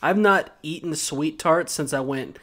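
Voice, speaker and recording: A man's voice: fairly high pitch, unhurried, fairly bright tone. A young man co-hosting a podcast, teasing his friend in casual chat. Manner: teasing, joking. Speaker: podcast co-host.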